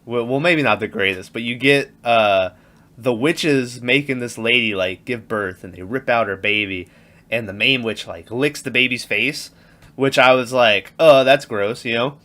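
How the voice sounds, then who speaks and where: A man co-hosting a movie podcast in casual chat, animated and laughing often as he retells scenes. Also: medium pitch, moderate pace. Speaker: podcast co-host.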